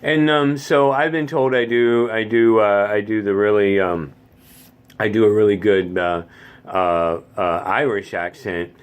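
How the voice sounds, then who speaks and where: A man's voice: fairly low pitch, steady tone, unhurried, clean tone. A man talking casually in a goofy, rambling way, showing off his silly voices. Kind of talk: casual comedic monologue.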